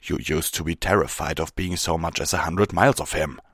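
A protective pony big brother with a deep voice, which a man puts on. He speaks cautiously, sometimes urgently, in a dry, close storybook reading. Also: fairly quick, fairly bright tone, breathy edge, dry recording, heavily acted. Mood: wary.

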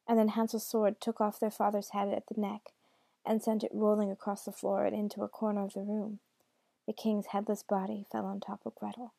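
A woman reading a dark fairy tale aloud in a hushed, intimate way, often dropping close to a whisper. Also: medium pitch, creaky, no echo. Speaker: storyteller. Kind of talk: storybook reading.

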